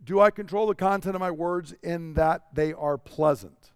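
A man's voice: on the high side, normal speed, smooth, no echo, clean studio sound. A middle-aged man preaching a sermon, earnest and personal, often putting questions to his listeners. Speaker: pastor.

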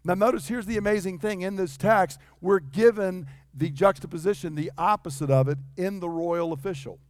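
A man's voice: high voice, moderate pace, no room sound, clean studio sound. A man in his fifties, a pastor preaching a sermon, emphatic and conversational, acting out the voices he quotes.

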